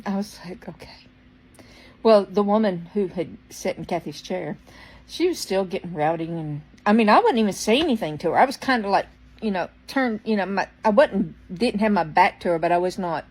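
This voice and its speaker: A woman's voice: mid-range voice, expressive, normal speed, slightly rough, poor audio. Woman rambling thru a storytime, lots of um and restarts, little coughs. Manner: chatty, rambling with restarts and fillers; quotes people in changed voices, dropping to a hush for soft lines. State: occasional coughing from a tickle in her throat. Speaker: storyteller vlogger. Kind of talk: casual spoken storytime.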